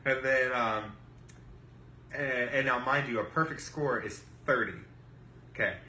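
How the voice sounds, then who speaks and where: A man hosting his own vlog, telling a story in an animated way with many ums and uhs, in a roomy space with faint noise. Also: mid-range voice, a little slow. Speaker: vlog host. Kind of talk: casual storytelling.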